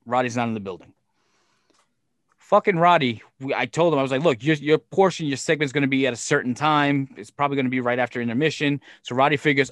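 A man's voice: mid-range voice, fast talker, no room sound. Swearing storyteller man, dry close mic. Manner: profane, animated, acts out quoted voices. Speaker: podcast guest telling stories. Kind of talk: casual storytelling chat.

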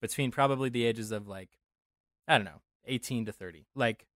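A man's voice: mid-range voice, brisk, fairly bright tone, no room sound. Rambling young man from Denver, dry sound. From Denver, USA. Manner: rambling, self-correcting, jokey. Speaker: podcast co-host. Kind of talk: casual chat.

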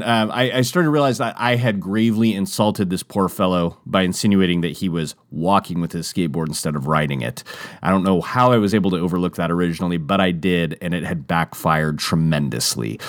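A man's voice: fairly quick, no echo, clean studio sound. A man telling a personal story in a casual, rambling way, acting out the other people's lines in raised voices. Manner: animated, jumps to high voices when quoting others; rambling with frequent restarts and fillers.

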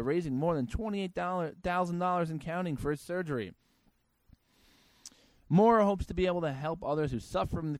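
A man's voice: on the high side, a little mellow, dry recording. A man hosting a comedy show, reading out news stories and ranting about them in a sarcastic, crude way. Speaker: podcast host.

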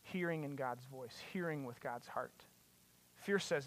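A preacher delivering a sermon with passion, asking rhetorical questions and building to loud, emphatic peaks. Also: medium pitch, unhurried, no echo.

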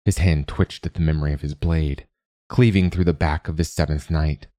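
A man narrating a fantasy story in a steady, measured reading. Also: very deep voice, dry recording, studio quality.

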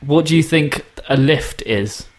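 A man's voice: a little high, a little slow, slight background noise. Casting: British male podcast host, playful and joking, laughs easily, casual chat. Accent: British English. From England.

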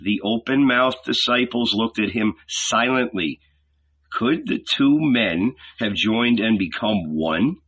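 Slow, husky male novel reader. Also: lowish voice, lively intonation, fairly bright tone. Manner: measured, deliberate delivery. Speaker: audiobook reader. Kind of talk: dramatic novel reading. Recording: dull lo-fi recording.

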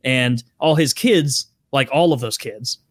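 A man's voice: medium pitch, measured pace, no room sound, studio quality. A man in casual podcast chat, insistent and emphatic, swearing freely as he explains.

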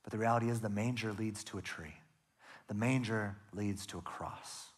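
A man preaching a sermon as pastor, earnest, often dropping to a soft, hushed delivery for emphasis. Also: on the low side, normal speed, husky.

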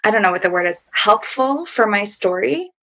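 A woman speaking as a podcast guest, thoughtful and hesitant, often pausing on fillers. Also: mid-range voice, lively intonation, fairly bright tone. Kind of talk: reflective interview talk.

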